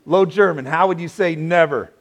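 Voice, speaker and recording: A man preaching a sermon, playful and animated, drawing answers from his congregation. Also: on the high side, normal speed. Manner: animated, playful, asks the audience questions. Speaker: pastor.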